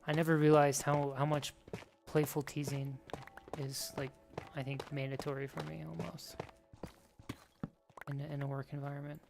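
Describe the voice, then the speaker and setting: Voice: medium pitch, normal speed, creaky, long pauses, over music. A streamer chatting casually while playing a game, telling rambling, joking stories. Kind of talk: casual chat while gaming. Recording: steady background noise.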